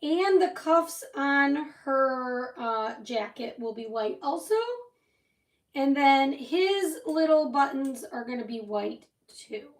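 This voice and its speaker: A woman's voice: high-pitched, lively intonation, slow pace, distant mic. A woman hosting a casual crafting livestream, telling a rambling story with lots of asides while she paints. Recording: roomy echo, voice set back from the mic.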